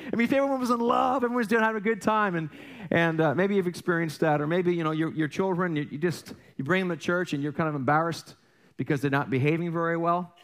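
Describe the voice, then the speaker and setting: A middle-aged man's high, slightly bright voice carries through a church sanctuary as he preaches a casual sermon. As pastor, he jokes, tells stories at his own expense in a conversational way, restarts frequently and poses rhetorical questions to the congregation.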